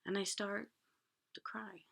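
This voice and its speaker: Woman telling her own story, gravelly voice, drops to whispers then gets loud and pleading. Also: medium pitch, flat delivery, slow. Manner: intimate, swings from hushed whispers to loud pleading. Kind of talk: personal storytelling performance.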